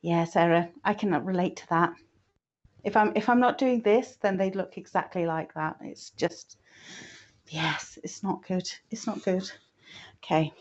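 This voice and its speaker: A woman's voice: lowish voice, normal speed. A woman, a psychic artist, chatting with viewers on a live stream and greeting them one by one. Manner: chatty, warm greetings, frequent "oh, bless". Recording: dull lo-fi stream audio.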